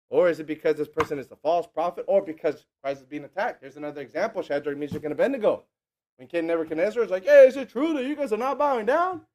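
A man preaches a loose, energetic sermon in a fairly high voice. He imitates the people in his stories with mocking, teasing voices and laughs a lot as he goes.

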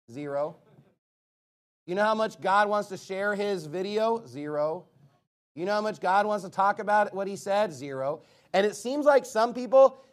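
A man with a fairly high voice delivers a sermon from the pulpit. He is emphatic and blunt, firing off rhetorical questions and answering each with a single punchy word. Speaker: preacher.

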